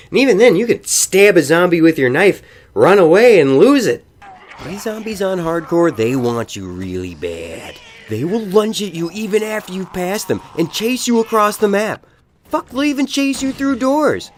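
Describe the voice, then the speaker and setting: A man's voice: fairly high pitch, slight background noise. A man giving a comedic, profane game review voice-over. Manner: profane, animated.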